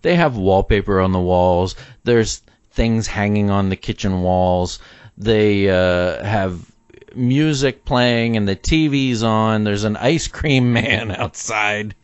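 A man co-hosting a casual podcast chat about a film, opinionated and animated, laughing often. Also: fairly low pitch, slow, clear, resonant tone, no echo. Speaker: podcast co-host. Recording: dull dry lo-fi sound.

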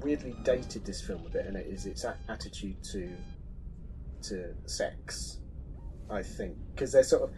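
A man's voice: on the low side, unhurried, over music, poor audio. A man co-hosting a casual film podcast, chatty and hesitant, often restarting his sentences. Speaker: podcast co-host.

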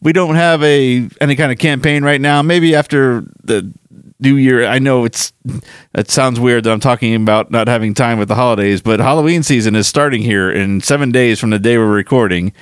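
A podcast host with a medium-pitched voice chats casually, brisk and smooth, while working through listener mail. He rambles and pokes fun at himself, and the clean studio recording has no echo.

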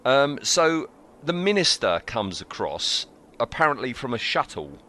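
A middle-aged man, recapping a story for a casual fan discussion, steady with dry jokes. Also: mid-range voice, a little slow. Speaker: podcast co-host.

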